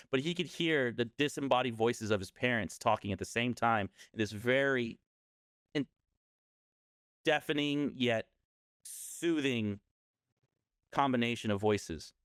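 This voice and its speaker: A man's voice: medium pitch, moderate pace, a bit bright, smooth, dry recording, clean studio sound. Rambling man telling a scary story. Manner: rambling, self-correcting storyteller. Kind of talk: casual storytelling on a podcast.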